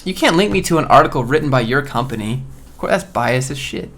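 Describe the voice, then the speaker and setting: A man in casual live-stream commentary talks at a middle pitch while he goes through job postings. He reads the lines out and then reacts to them bluntly, joking and making offhand remarks, in an unscripted way. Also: expressive, quick pace, a bit bright.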